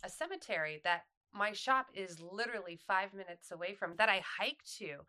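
A woman's voice: mid-range voice, expressive, brisk, sharp tone. A woman guest on a podcast, chatting in a laid-back, giggly way while congested and sniffly from allergies. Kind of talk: casual podcast chat.

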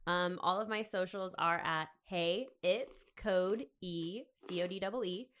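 A woman's voice: fairly low pitch, a little slow, fairly bright tone. A woman guest on a casual podcast, blunt and joking. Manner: blunt, jokey. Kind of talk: casual chat.

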